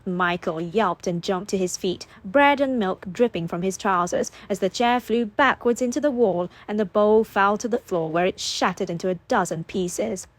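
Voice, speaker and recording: A woman narrates an audiobook in a steady, expressive storytelling voice. Her pitch sits in the middle range, neither high nor low. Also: normal speed, hardly any pauses.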